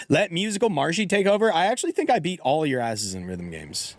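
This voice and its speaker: A man streaming live with casual, excitable chat, yelping and swearing when things go wrong. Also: on the high side, fairly quick, no echo, studio quality. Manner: excitable, yelps and swears at mistakes.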